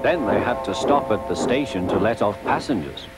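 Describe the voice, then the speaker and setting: A man narrating a children's storybook in a lively, expressive, confiding way. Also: lowish voice, normal speed. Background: loud music.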